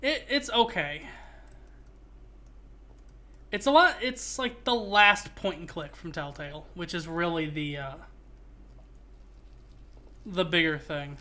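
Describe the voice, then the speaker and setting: The voice sits in the mid-range and takes its time, unhurried, as the streamer plays. It's relaxed gaming-stream talk, rambling, animated, and full of jokes.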